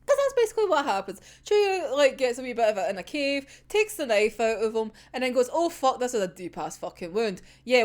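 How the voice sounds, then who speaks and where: Animated, swearing Scottish woman. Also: high voice. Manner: animated, swears freely, laughs often. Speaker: manga reaction host. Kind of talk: casual chapter recap.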